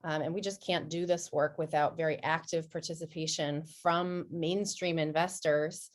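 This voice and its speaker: A woman hosts a webinar in a friendly, measured voice. She keeps her pace unhurried so listeners can follow along. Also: low voice, steady tone. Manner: friendly, measured, speaks slowly for the audience. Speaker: webinar host. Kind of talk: moderated webinar discussion.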